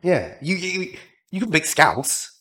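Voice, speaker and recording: A man hosting a relaxed podcast interview, his voice sitting a little higher than most men's. He throws out quick questions, teases his guest and laughs often. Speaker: podcast host. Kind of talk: casual interview.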